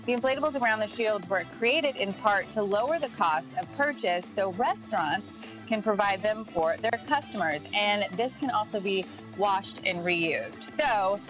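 Woman, TV tech-segment guest, casual and chatty, mid pitch, over a music bed. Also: rough recording. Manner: chatty, informal, reads product notes with asides. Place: TV studio.

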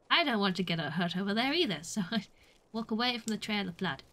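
A woman's voice: mid-range voice, lively intonation, normal speed, fairly bright tone. A young woman from the UK chatting through a game as a streamer, joking at herself and squealing when she gets hit. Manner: chatty and self-mocking, with squeals when attacked. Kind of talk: casual gameplay commentary.

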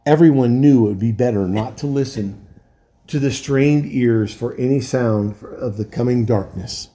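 Warm, husky male storyteller. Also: mid-range voice, moderate pace. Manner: calm, steady narration. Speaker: volunteer reader. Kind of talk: storybook reading aloud.

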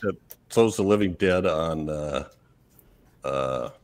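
A man's voice: a bass voice, takes it slowly. A man co-hosting a casual podcast discussion, rambling and trailing off with chuckles as he leads the segment. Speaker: podcast co-host leading the segment.

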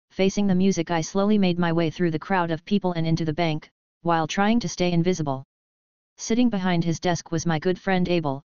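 A woman narrating a novel in a steady, even storytelling voice, in a dry, dull lo-fi recording. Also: lowish voice, clear, resonant tone, no echo. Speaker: audiobook narrator.

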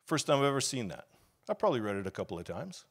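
A man preaching a sermon as pastor, telling his story casually and confessionally, then building up to loud, fervent preaching. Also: mid-range voice, very animated, rapid-fire, vocal fry, husky. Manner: storytelling, grows loud and fervent, acts out quoted shouts; casual and confessional, with laughs and sighs.

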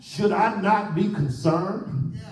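A preacher voicing a calm, low-spoken God. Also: male voice, takes it slowly, echoey room, distant mic, low-quality recording. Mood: calm reproach. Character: God, calm male deity questioning a prophet.

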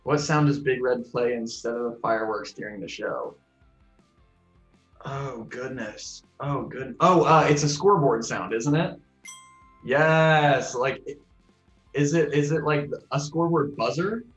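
A man in his twenties answering trivia questions in casual chat, thinking out loud with a self-deprecating manner. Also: medium pitch, normal speed, muffled recording, soft background music.

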